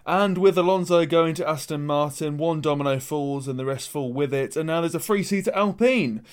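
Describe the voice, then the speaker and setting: A smooth, fairly high-pitched man speaks at a moderate pace while co-hosting a laid-back motorsport podcast. Chatty and full of opinions, he walks through the news and then hands it over.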